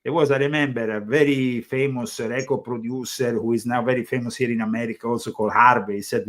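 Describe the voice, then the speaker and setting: Man, Italian accent, show host, rambling, hesitant, mid-pitched voice. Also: steady tone, fast talker, hardly any pauses. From Italy. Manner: rambling, hesitant with many fillers. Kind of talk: casual conversational interview.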